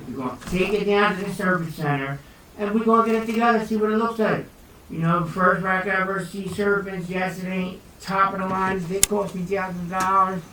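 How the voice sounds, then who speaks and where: A young man talks loosely through an unboxing in his kitchen, often breaking into exclamations. He is picked up by a phone camera across the room, so he sounds distant in an echoey space. Steady background noise sits under his voice. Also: sits high. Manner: loose, chatty, exclaims a lot. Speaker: hobby snake breeder vlogger. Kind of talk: casual unboxing vlog. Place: home kitchen. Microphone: phone camera set across the room.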